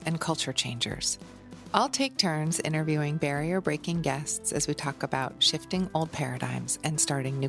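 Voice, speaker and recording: A woman's voice: sits low, gravelly. A woman in her forties hosting a podcast, reading a scripted intro and asking curious questions. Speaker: podcast host. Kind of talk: scripted intro then casual interview.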